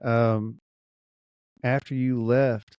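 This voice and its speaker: A man's voice: medium pitch, flat delivery, drawn-out words, darkish tone, clear, resonant tone, dry recording. Laid-back male podcast host, dry sound. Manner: easygoing, peppered with dude and man. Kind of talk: casual chat.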